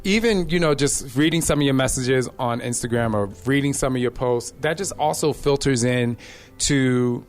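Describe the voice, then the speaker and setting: Lively man telling stories on a live podcast. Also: mid-range voice, moderate pace. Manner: lively and direct, addresses listeners casually; animated storyteller with laughing asides. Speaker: podcast host and fitness trainer. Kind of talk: live podcast talk to an audience. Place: live event venue.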